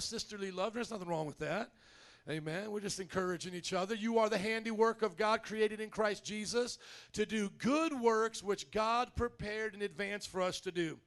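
High-voiced energetic preaching man. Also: moderate pace. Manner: energetic, conversational preaching with audience call-outs. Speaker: pastor. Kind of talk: sermon. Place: church.

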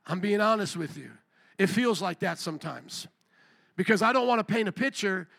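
Male pastor, middle-aged, sermon, high voice, gravelly edge, candid conversational delivery. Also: lively intonation, normal speed, bright, forceful tone. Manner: candid, conversational preaching with rising and falling intensity.

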